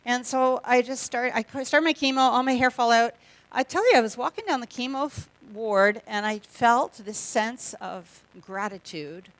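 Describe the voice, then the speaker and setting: A middle-aged Canadian woman with a mid-range, fairly bright voice gives a humorous testimony talk as a guest speaker in a church. She's chatty and joking, acting out the voices she quotes.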